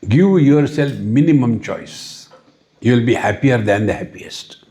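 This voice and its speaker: Unhurried Indian English spiritual teacher. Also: male voice, mid-range voice, expressive, warm tone. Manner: unhurried, repeats "See?", chants Sanskrit verses. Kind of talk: spiritual discourse at a retreat. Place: retreat hall.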